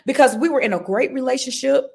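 A woman gospel recording artist, a guest in a conversational interview, telling her story with emotional, animated testimony. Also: high voice, quick pace, gravelly, breathy edge.

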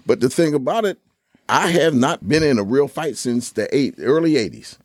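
A man's voice: medium pitch, very animated, normal speed, no room sound, studio quality. A man in his sixties co-hosting a podcast, telling a story in a casual, laid-back way and swearing now and then. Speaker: podcast co-host. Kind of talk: casual chat.

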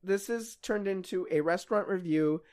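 A woman's voice: fairly low pitch, normal speed, a little mellow. A woman co-hosting a podcast in casual chat. She laughs often, trails off mid-sentence and restarts. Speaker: podcast co-host.

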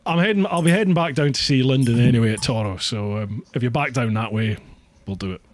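A man's voice: mid-range voice, fast, no room sound. A Scottish man hosting a casual chat over a call, chatty and self-deprecating, laughing often. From Scotland. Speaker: podcast host.

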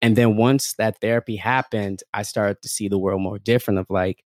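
A man's voice: on the low side, steady tone, fairly quick, darkish tone, dry recording, clean studio sound. A man in casual conversation, talking openly and animatedly, full of fillers, often acting out other people's voices and laughing. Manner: frequent fillers like "like" and "um".

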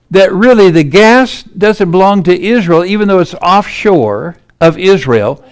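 A man giving urgent political commentary over maps and headlines, emphatic and incredulous. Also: high-pitched.

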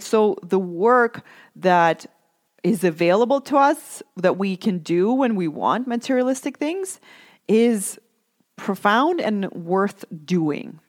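Animated woman with a lively, swooping voice. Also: mid-range voice. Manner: animated and emphatic, heavy use of "like" and "right?". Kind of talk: casual self-help monologue.

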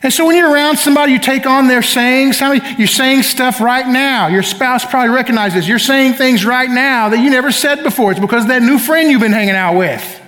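Middle-aged male pastor, high voice, emphatic sermon delivery with call-and-response, church hall reverb. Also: fairly quick, few pauses, fairly bright tone. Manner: emphatic, calls for audience responses. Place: church sanctuary.

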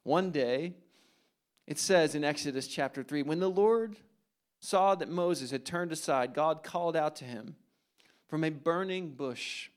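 A man preaching a sermon, retelling a scripture story dramatically and dropping to hushed asides. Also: a little high, measured pace, clean tone.

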